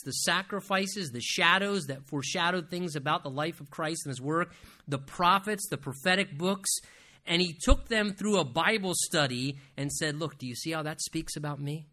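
Bright-voiced man preaching a sermon. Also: fairly high pitch. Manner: earnest preaching, reads scripture aloud with emphasis. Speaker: pastor.

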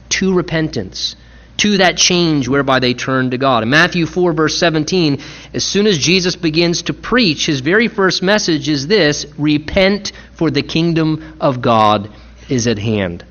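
A man preaching a sermon, earnest and emphatic, repeating key phrases and slowing down to stress words. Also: a little high, a bit bright. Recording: muffled lo-fi recording.

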